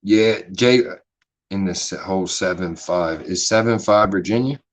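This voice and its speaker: A man with a deep voice and a Philadelphia accent hosts a casual livestream chat, speaking a little slowly over a rough recording. He's laid-back, rambling and swearing freely.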